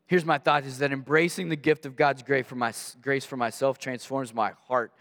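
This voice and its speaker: A man preaching a sermon, telling personal stories in an animated way and acting out the voices in them. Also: medium pitch, moderate pace. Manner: animated storyteller, acts out voices in anecdotes. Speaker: guest pastor. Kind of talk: storytelling sermon. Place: church sanctuary. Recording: long reverb of a large hall.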